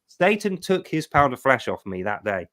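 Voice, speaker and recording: A middle-aged man tells a personal story on his livestream, his medium-pitched voice rising and falling as he presses his points home. He talks in an emphatic, animated way, like a testimony. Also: normal speed. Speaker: livestream host.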